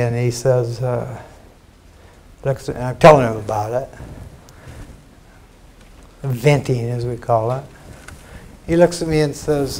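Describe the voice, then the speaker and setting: Older American male teacher, plainspoken spiritual lecture, mid-pitched voice, blunt asides. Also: darkish tone, a little hiss or hum. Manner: frank, conversational, salty asides and mock quotes. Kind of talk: informal spiritual talk to an audience. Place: lecture hall.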